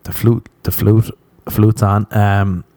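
A man's voice: on the low side, level tone, takes it slowly, dark tone, dry recording. A young man hosting a podcast, rambling through a crude comic monologue and laughing at his own jokes. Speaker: podcast host.

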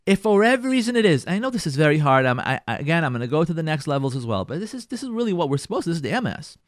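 Rabbi guy giving a torah class, high voice jumping all over, repeats stuff for emphasis. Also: rapid-fire, no echo, studio quality. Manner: animated, acts out everyday scenarios.

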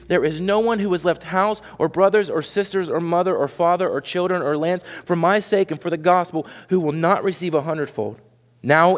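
A man preaching a sermon as pastor, animated, swinging from loud high peaks to quiet low asides. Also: vocal fry, in a large hall.

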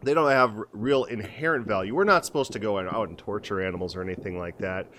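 A man's voice: fairly low pitch, fast, a bit bright, slight background noise. Rambling man telling stories on a podcast. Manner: rambling storyteller with many restarts, acts out voices in quotes. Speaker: podcast co-host. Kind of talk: casual conversational podcast chat.

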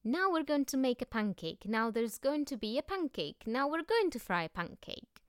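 A woman voicing a bold, boastful young girl who tells tall tales, loud and cheerful. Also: high-pitched, big pitch swings, normal speed, clean tone, no echo, clean studio sound, pitched above the performer's own voice.

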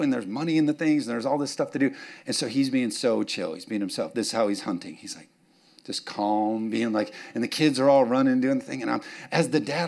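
A man's voice: medium pitch, a little fast. A man, preaching a sermon as pastor, joking and chatty, then rising to fervent urging.

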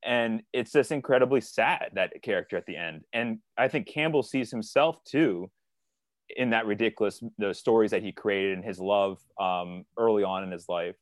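Man, low voice, earnest rambling book chat, dry close sound, podcast co-host. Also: moderate pace, no echo. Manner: earnest, rambling, quotes characters in paraphrase. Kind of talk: casual literary discussion.

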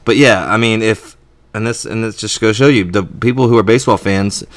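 A man's voice: fairly low pitch, fairly quick, no room sound. A man co-hosting a podcast in casual chat, rambling and opinionated with many restarts. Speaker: podcast co-host.

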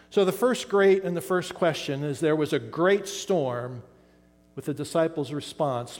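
An older man from western Pennsylvania preaching a sermon, pausing dramatically and letting key words trail off softly. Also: a little high, animated, big-room sound. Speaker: pastor.

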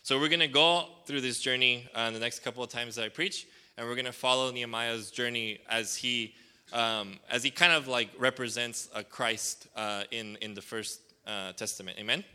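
A man's voice: mid-range voice, steady tone, moderate pace, bright, forceful tone, clear, resonant tone. A male pastor preaching a casual, conversational sermon, rambling with lots of "like" and "um" and calling for responses from the congregation. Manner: rambling, full of fillers like "like" and "um".

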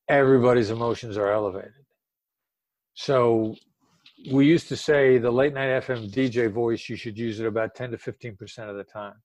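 A man's voice: mid-range voice, dry recording. An older man speaking as an expert guest in a casual interview, emphatic and drawing out words for stress.

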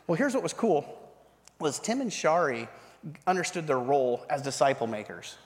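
Animated man preaching in a reverberant hall. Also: on the high side, brisk. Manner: animated storytelling, acting out quoted voices. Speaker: pastor. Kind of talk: sermon testimony.

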